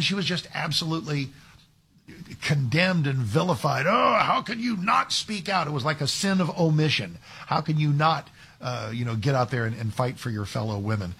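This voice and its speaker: Male talk radio host, husky, emphatic opinion delivery. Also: medium pitch, a bit bright. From Texas. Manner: emphatic, with frequent restarts and asides. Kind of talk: conservative talk radio commentary.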